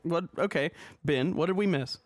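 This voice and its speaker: A man's voice: fairly high pitch, normal speed. A man hosting a casual podcast chat, rambling with lots of fillers and restarts. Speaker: podcast host.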